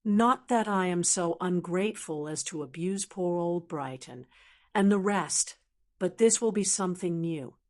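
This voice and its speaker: A woman's voice: lowish voice, lightly acted. A synthetic woman's voice reading a sweet earnest young girl. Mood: cheerful. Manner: even, measured synthetic delivery.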